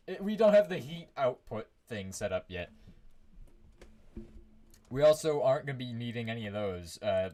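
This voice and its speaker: A man's voice: fairly low pitch, darkish tone. A man giving casual live commentary on his game from his own room, rambling, humming to himself and restarting his sentences often. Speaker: streamer.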